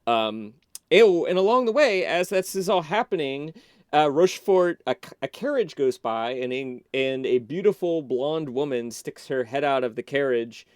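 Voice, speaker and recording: Male podcast guest, smooth clear voice, dry close sound, chatty animated retelling. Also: a little high, moderate pace, no room sound. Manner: animated, loose, full of "like" and restarts. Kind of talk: casual storytelling, retelling a film.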